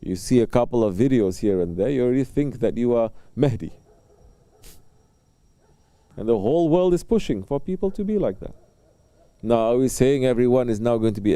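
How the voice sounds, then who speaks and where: A man preaching in a very dark, mellow voice, taking his time with pauses and soft fillers between phrases. He tells little stories and briefly plays the people in them as he teaches. The sound is close and dry, with no room echo. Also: mid-range voice, clean tone. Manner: storytelling, acting out short exchanges between people. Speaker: Sufi religious teacher. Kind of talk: sermon.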